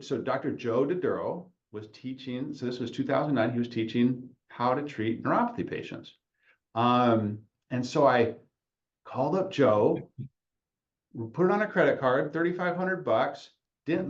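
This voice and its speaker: A man's voice: medium pitch, dull audio. A man in his forties, a podcast host, telling his own career story in a rambling casual way, often restarting and laughing at himself.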